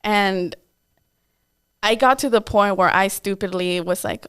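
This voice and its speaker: A young woman chats candidly on a podcast and tells a personal story, acting out what people said along the way. Her voice is smooth and clear, and it sits at a middle pitch. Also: fairly even intonation, a little slow, fairly bright tone. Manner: candid, lots of "like" and quoted asides. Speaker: podcast co-host. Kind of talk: casual storytelling chat.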